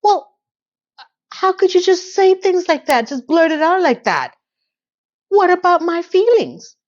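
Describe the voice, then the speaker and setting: A woman voicing a flustered young woman desperate to marry, with a high, whiny, indignant tone. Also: sing-song, unhurried, mellow, dull audio, full character voice.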